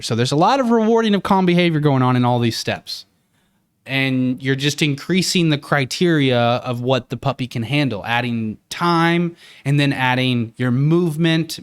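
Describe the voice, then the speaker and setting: A man who trains dogs, hosting a podcast: he reads out a list of steps, then gives his own opinion in a relaxed, conversational way. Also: mid-range voice, no echo, clean studio sound. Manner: conversational, with fillers and restarts. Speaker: dog trainer and podcast host. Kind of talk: casual podcast commentary.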